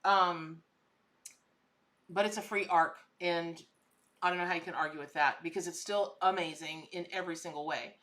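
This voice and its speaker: Bright, gushing woman live-streaming. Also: on the low side, fairly even intonation, normal speed. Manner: chatty and gushing, exclaiming at what she sees. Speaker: livestream host, tarot and spirit animal reader. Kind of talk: live-stream chat with viewers.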